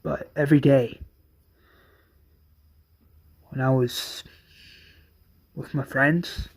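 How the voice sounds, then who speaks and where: A man's voice: medium pitch, fairly even intonation, takes it slowly. A man voicing a grown sister who pleads with her brother and turns to heated accusation in a fan retelling. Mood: pleading. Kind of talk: fan retelling with voiced characters.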